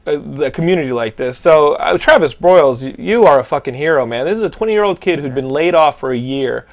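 A young man hosting a podcast, telling animated stories in casual chat, swearing freely and restarting his sentences. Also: fairly high pitch, brisk. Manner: animated storytelling, heavy swearing, lots of likes and restarts. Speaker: podcast host.

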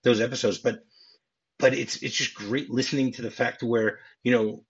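A man's voice: medium pitch, steady tone, normal speed, husky. A man hosting a casual film podcast, eagerly retelling scenes and often restarting his sentences. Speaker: podcast host. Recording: dull lo-fi podcast audio.

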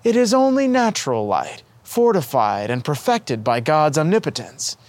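A man voicing a gentle, affectionate young boy saint who speaks earnestly and kindly to an old friend. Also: on the high side, big pitch swings, moderate pace, dry recording.

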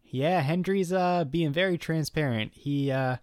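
A man co-hosting a casual podcast, recapping a show and acting out the characters' lines in an animated way. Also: a little high, a little slow, smooth, dry recording, studio quality. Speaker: podcast co-host recapping an episode. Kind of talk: casual chat.

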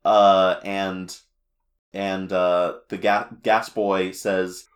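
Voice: low-pitched, little pitch movement, very slow. A podcast co-host casually recapping a cartoon episode, rambling and breaking off mid-sentence. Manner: rambling, self-interrupting storyteller.

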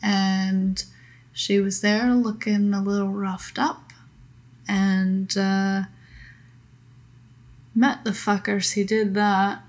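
A woman playing a halting, weary ship's doctor. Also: medium pitch, flat delivery. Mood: hesitant. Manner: hesitant, halting, apologetic. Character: weary female ship's doctor, rough-edged.

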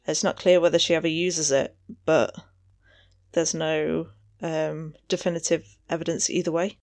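A woman co-hosting a podcast, speaking in a measured, precise way in casual conversation. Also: low-pitched, flat delivery, darkish tone, no room sound, studio quality. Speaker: podcast co-host. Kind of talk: casual chat.

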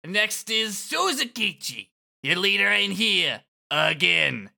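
Speaker doing a brash, raised-voice henchman, bright and gravelly. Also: medium pitch, big pitch swings, takes it slowly, voice pushed up, full character voice. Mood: cocky. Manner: brash, loud, casual slang. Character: swaggering male enforcer, cocky.

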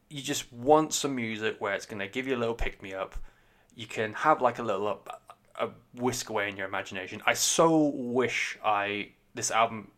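A man's voice: on the low side, fairly bright tone. A man giving a casual spoken album review, rambling, sweary and enthusiastic. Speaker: music reviewer.

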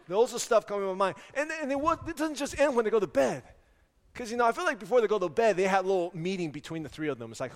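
A man in his thirties preaching a sermon, telling humorous stories about his family in an animated way, recorded in an echoey church hall. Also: sits high, fast. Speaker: pastor.

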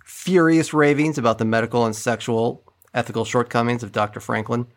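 A man's voice: medium pitch, steady tone, a little fast. A man co-hosting a podcast, recapping an episode in a casual, wry and sarcastic way, swearing now and then. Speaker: podcast co-host.

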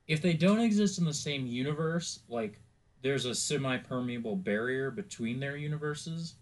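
Brief: chatty man co-hosting a podcast, laughs a lot, lively pitch. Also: moderate pace. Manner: laughs easily, rambling and chatty. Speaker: podcast co-host. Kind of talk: casual podcast chat.

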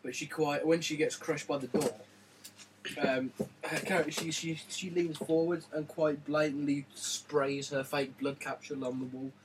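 A man chats about films bluntly, swearing freely and slipping in chuckles. His voice is a touch high and sits slightly back from the microphone. A faint hiss runs underneath. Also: flat delivery, normal speed, far from the mic. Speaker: podcast co-host. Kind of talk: casual film review chat. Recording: voice a little away from the mic.

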